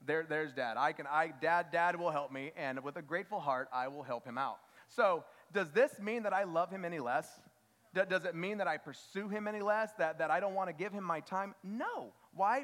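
A high-voiced man shares a personal story with a church congregation. He speaks earnestly, stumbling and repeating words as he goes. His voice rings with a long reverb from the sanctuary. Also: a bit bright.

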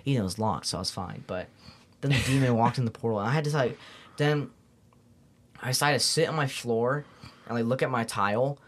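A young man, a podcast guest, telling a rambling, excitable story full of "like" and "bro". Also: mid-range voice, fairly quick, long pauses. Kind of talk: casual storytelling chat.

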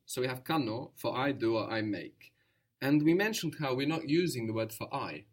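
A man teaching a spoken language lesson, patient and encouraging, explaining slowly and repeating words. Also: mid-range voice.

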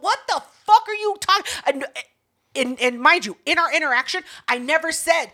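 A young woman co-hosting a podcast, telling stories in a loud, profane, animated way. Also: sits high, normal speed. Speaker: podcast co-host. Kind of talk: casual podcast chat.

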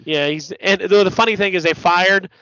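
A man co-hosting a podcast, chatting casually about sports, blunt and profane, telling stories with animated asides. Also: sits high, normal speed, no room sound. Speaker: podcast co-host. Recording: dull lo-fi podcast audio, dry.

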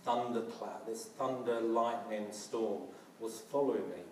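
A man's voice: fairly low pitch, a little slow, a little mellow, a little hiss or hum. A man preaching a sermon earnestly, often restarting and using fillers. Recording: roomy, from a distance.

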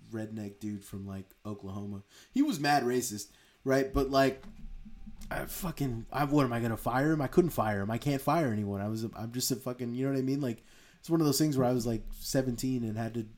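A man's voice: mid-range voice, a little mellow. A young man co-hosting a casual chat, rambling through a story with frequent swearing and laughter. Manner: rambling, profane, laughs often.

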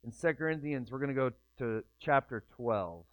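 A man's voice: mid-range voice, animated, brisk, clean tone, dry recording. A man preaching a sermon in a conversational way, acting out the inner voices of his listeners. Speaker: pastor. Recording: tinny phone-like dry sound.

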